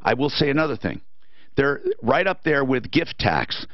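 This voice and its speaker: A man's voice: mid-range voice, very animated, moderate pace, no echo, lo-fi sound. A man hosting a call-in radio talk show, giving blunt, opinionated advice to callers and reading live ads.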